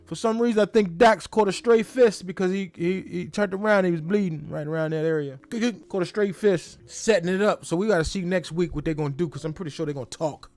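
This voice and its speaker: A young man hosting a casual, jokey wrestling recap in slangy, animated talk. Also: high-pitched, a little fast, hardly any pauses. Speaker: host.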